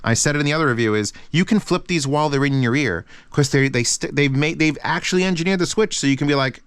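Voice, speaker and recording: A man hosting a casual review channel, talking in an excitable, rambling way with lots of swearing. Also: a little high, fast talker, clear, resonant tone, no echo.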